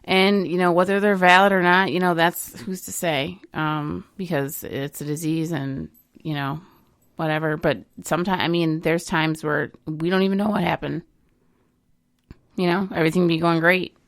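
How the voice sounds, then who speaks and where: Low raspy-fry woman on a podcast, measured, kinda scolding, dry mic. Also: steady tone, dry recording. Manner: measured, gently scolding, hedging with fillers. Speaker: podcast co-host. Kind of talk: casual podcast chat.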